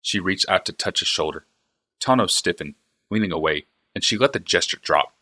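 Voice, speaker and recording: A man reading a fantasy novel aloud in steady, even narration. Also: sits low, normal speed, breathy edge. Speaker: reader, streamer.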